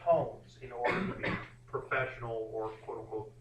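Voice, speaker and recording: A man teaching a history class, lecturing in a rambling, animated way with many fillers and restarts. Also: mid-range voice, moderate pace, slight background noise. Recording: echoey classroom from far off.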